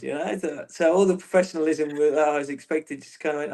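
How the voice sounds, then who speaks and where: A man's voice: fairly high pitch, fast, darkish tone, slight background noise. Man rambling through football stories. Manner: rambling, self-interrupting storyteller. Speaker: guest, former footballer. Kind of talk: casual interview chat.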